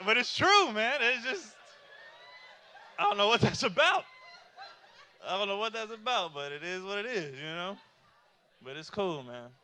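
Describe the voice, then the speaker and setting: A man's voice: high voice, big pitch swings, moderate pace, long pauses, pushed and bright, slight background noise. A man in his thirties doing stand-up comedy, talking loosely and conversationally with lots of fillers and rhetorical questions to the audience.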